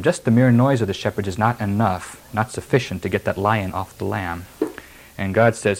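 A man's voice: lowish voice, moderate pace, gravelly, a little mellow, slight background noise, poor audio. A man preaching a sermon, reading verses and then explaining them emphatically. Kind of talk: sermon expounding scripture.

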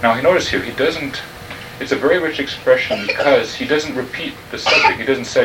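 A man's voice: mid-range voice, a little fast, over music. A man teaching a class on New Testament Greek, patiently explaining each word and checking that the students follow. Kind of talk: classroom lecture. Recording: distant mic, noisy room.

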